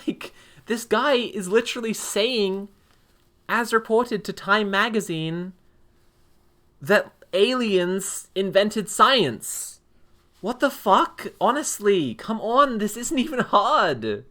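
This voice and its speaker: A woman streamer giving animated, profane reaction commentary and laughing often. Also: medium pitch, takes it slowly.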